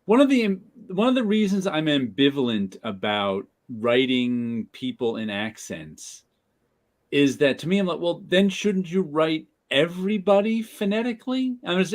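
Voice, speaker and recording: A man hosting a casual chat about comic books, laughing often and restarting his sentences when excited. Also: medium pitch, moderate pace. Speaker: podcast host.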